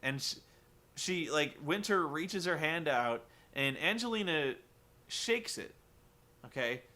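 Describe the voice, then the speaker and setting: Animated joking male podcast host. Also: fairly high pitch, takes it slowly. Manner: animated, joking, swears freely. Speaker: podcast host recapping wrestling. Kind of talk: casual chat.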